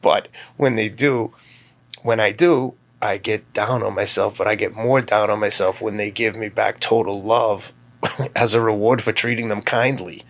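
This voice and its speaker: A man in his fifties, a guest, talking candidly and telling personal stories, sometimes acting out his own shouting. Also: steady tone, normal speed. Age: 50s. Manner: acts out his own past yelling in sharp high bursts. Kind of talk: candid conversational storytelling.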